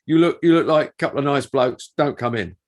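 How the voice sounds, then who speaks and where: A man putting on the voice of a gruff male bouncer, speaking low and quietly in blunt warnings. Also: fairly quick, natural voice.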